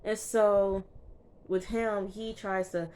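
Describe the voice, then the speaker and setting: A woman's voice: mid-range voice, little pitch movement, takes it slowly, darkish tone. A woman chatting casually through a TV episode recap, emphatic and full of fillers, talking straight to her viewers. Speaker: TV recap vlogger.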